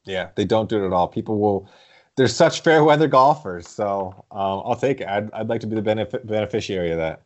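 Young dude, lowish voice, rambly and animated, laughs mid-story, just chatting. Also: male voice, a little fast, dull audio. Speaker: podcast co-host. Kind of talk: casual chat.

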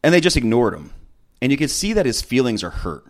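Animated, chatty man recapping TV. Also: medium pitch, fast talker. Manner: chatty, animated, opinionated, trails off with ums. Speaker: podcast host recapping a reality show. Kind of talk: casual chat.

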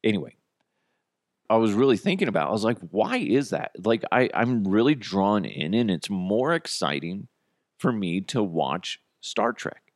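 A thirty-something host of a casual solo podcast, this man curses, rambles, and makes fun of himself, speaking at a moderate pace with lively intonation in a lowish voice. Using headphones and a studio mic, he sounds dry and studio-quality.

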